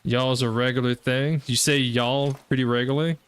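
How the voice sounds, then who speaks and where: A man's voice: mid-range voice, fairly even intonation, a little fast, a little hiss or hum. A young man with a Southern US accent, chatting casually and rambling to his viewers while he plays on a gaming livestream. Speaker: gaming streamer.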